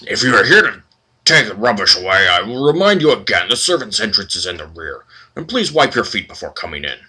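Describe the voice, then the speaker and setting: A man's voice: on the low side, very animated, brisk, sharp tone, husky, exaggerated voice. A man reading as a sneering minotaur librarian. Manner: sneering, condescending. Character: haughty burly male minotaur librarian.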